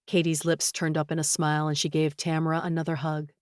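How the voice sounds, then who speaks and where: Female audiobook narrator, lower register, measured and gently expressive, dry close recording. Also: dry recording.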